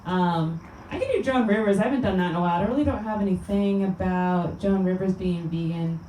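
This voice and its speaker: A woman's voice: fairly low pitch, a little fast, warm tone, a little hiss or hum. A woman comedian doing a stand-up set in a small venue, with a chatty, rambling delivery full of fillers. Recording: roomy sound from a distant mic.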